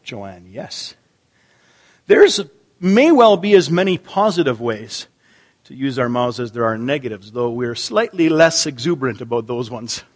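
A man preaching a sermon in church, chatting with the congregation, repeating their answers aloud and often restarting his sentences. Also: mid-range voice. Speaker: pastor. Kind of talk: interactive sermon.

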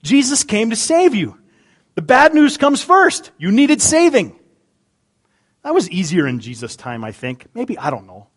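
A middle-aged man preaching a sermon, humorous, swinging between loud emphasis and quiet asides. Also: very high-pitched, wildly swooping pitch, unhurried, breathy edge. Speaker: pastor.

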